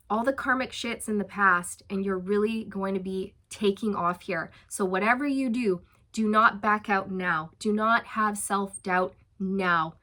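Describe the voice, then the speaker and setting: A tarot reader offers a casual, chatty, and encouraging reading, using lots of fillers and laughing lightly. She slows down for emphatic reassurances, and her mid-range voice is a bit bright.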